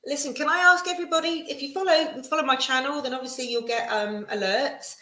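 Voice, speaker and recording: A woman's voice: high voice, fairly even intonation, brisk, sharp tone. Chatty woman reading tarot cards. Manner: chatty, reassuring, many ums and restarts. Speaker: tarot reader. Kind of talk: live-stream tarot reading. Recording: echoey room.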